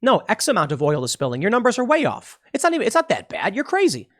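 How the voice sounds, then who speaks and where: A blunt, scornful passerby, as a man acts him out, scoffing and dismissive. His voice jumps far above a normal man's speaking pitch. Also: wildly swooping pitch, fast talker, exaggerated voice.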